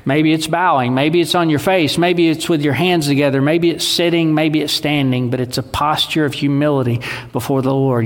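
A man's voice: fairly high pitch, fairly even intonation, moderate pace. A man, preaching a sermon in a conversational, folksy way. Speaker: pastor. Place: church sanctuary. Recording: long hall reverb.

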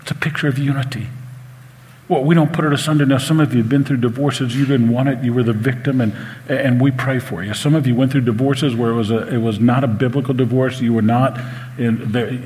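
A man's voice: medium pitch, fairly even intonation, brisk, darkish tone. A man, preaching a sermon in a church and telling personal stories with earnest, emotional restarts. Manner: earnest storytelling, emotional, some stammered restarts. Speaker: pastor. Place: church sanctuary. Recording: live sermon with long hall reverb.

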